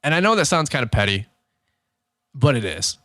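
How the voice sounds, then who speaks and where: A man in his thirties talks straight into a podcast mic, frank and fired up as he tells his story. He acts out the conversations himself at a mid pitch, and the sound is close and dry with no room echo. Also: sing-song, moderate pace, a bit bright. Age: 30s. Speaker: podcast host. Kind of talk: candid motivational podcast monologue.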